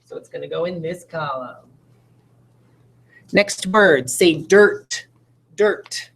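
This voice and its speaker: Woman teacher, video lesson, slow and deliberate, fairly low voice, patient, asks questions. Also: gravelly, husky. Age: adult parent. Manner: patient, explains step by step, asks rhetorical questions.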